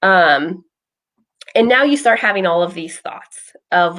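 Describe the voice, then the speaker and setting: A woman's voice: lowish voice, big pitch swings, a little slow, fairly bright tone. A woman speaking as a behavioral health clinician, casually telling a personal story with frequent ums. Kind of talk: casual explanatory chat.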